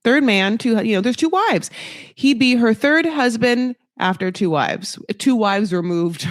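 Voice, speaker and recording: A woman's voice: fairly high pitch, expressive, a little slow, dry recording, clean studio sound. Rambling, gossipy woman recapping reality TV. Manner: rambling, gossipy, heavy on fillers. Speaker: podcast host. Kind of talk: casual reality TV recap commentary.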